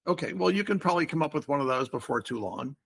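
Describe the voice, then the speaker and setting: A man's voice: fairly high pitch, expressive, fast, vocal fry, slightly rough. An older man hosting a casual podcast chat, explaining word games in a playful, wordy way. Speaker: podcast host.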